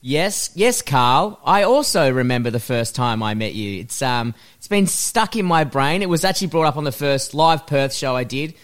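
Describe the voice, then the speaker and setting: A man's voice: medium pitch, lively intonation, normal speed, hardly any pauses. A man, a comedian guest on a podcast, telling stories in a crude, sweary way. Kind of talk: casual comedy podcast chat.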